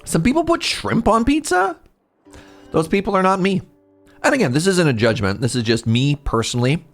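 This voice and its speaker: A male streamer in casual chat with his viewers, rambling and cutting himself off, with sudden animated outbursts. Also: high voice, normal speed, soft background music.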